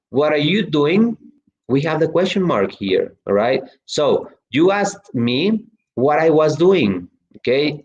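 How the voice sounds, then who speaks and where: With a slightly high voice and darkish tone, a male English teacher chats through an online class, reading student messages. His speech is filled with fillers and restarts, and the recording sounds a little dull.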